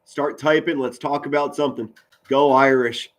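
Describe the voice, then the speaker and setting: A man doing live football play-by-play for his viewers, excitable, his voice jumping up on big plays and his words stumbling over each other. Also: medium pitch, moderate pace, noisy background. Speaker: amateur play-by-play commentator. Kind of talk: live play-by-play commentary with chat.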